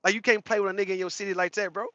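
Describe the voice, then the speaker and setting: A man's voice: high-pitched, flat delivery, racing, bright, forceful tone, no room sound. A man hosting a livestream in casual, slangy, profane talk, greeting chat viewers as he rants, on slightly dull lo-fi audio. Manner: blunt, slangy and profane, greets chatters mid-rant. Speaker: livestream host.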